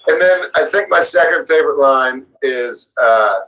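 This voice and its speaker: A man who is a guest voice actor, chatting casually in an interview and telling lively stories with frequent laughter. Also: medium pitch, moderate pace, poor audio. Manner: animated storyteller, laughs often.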